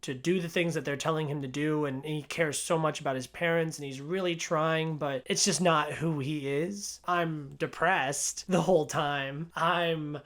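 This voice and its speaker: A man's voice: a little high, steady tone, a little slow, hardly any pauses, fairly bright tone. A young man giving a casual spoken movie review, chatty and rambling, full of filler words. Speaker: film reviewer.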